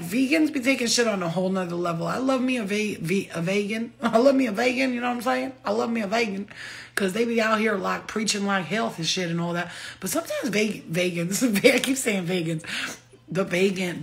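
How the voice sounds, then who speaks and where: A woman's voice: mid-range voice, fairly quick, gravelly. A middle-aged woman rambling casually and laughing often, full of slang, in a vlog monologue. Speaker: vlogger.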